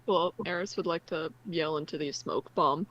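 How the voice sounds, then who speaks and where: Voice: medium pitch, fairly even intonation, normal speed, fairly bright tone, dull audio. A player in a tabletop game, talking casually and with animation.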